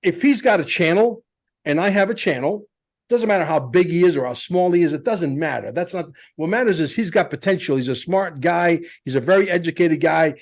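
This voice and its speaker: Animated, higher-pitched male podcast host. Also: fairly quick. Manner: animated storyteller, emphatic and blunt. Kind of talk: casual podcast chat.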